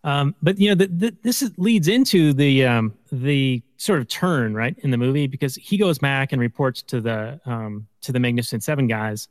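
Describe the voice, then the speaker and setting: A man's voice: medium pitch, animated, moderate pace, few pauses, dry recording, long reverb tail. A man co-hosting a podcast in casual chat, rambling through movie scenes with lots of fillers. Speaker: podcast co-host.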